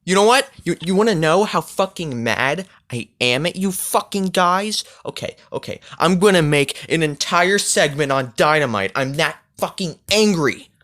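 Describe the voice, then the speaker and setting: A man putting on the voice of a furious male pro wrestler, shouting, swearing and threatening his faction. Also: a little high, expressive, moderate pace, hardly any pauses, voice pushed up.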